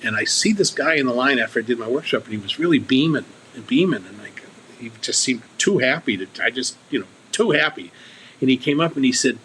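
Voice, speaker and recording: A man's voice: mid-range voice, lively intonation, fairly quick, fairly bright tone, slight background noise, low-quality recording. A man speaking as a guest on a recovery podcast, earnest and candid, often restarting and repeating his words.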